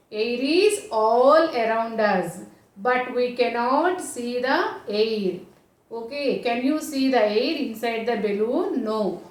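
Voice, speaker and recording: Indian woman teaching small children. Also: on the high side. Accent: Indian English. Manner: asks questions and answers them herself, repeats key phrases. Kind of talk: classroom science lesson for small children. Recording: echoey room, voice from a distance.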